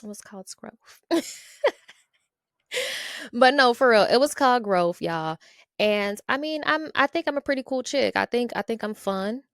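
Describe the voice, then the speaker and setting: A woman's voice: on the high side, lively intonation, moderate pace, long pauses, no room sound. A woman from Ohio hosting her own podcast in a casual solo monologue, chatty and playful, tagging her lines with "okay?" and "y'all". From Ohio, USA. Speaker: podcast host.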